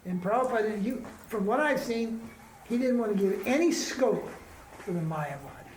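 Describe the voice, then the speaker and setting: A man's voice: high-pitched, expressive, moderate pace, a little mellow, slight background noise. Man teaching an emphatic spiritual class. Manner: emphatic, conversational, full of rhetorical questions. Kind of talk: informal spiritual class talk. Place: ashram classroom. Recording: roomy echo.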